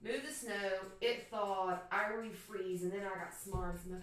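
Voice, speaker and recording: A woman's voice: medium pitch, steady tone, measured pace, hardly any pauses. A woman in her thirties from Florida, telling a profane, joking story casually to her stream chat. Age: 30s. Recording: echoey room, far from mic.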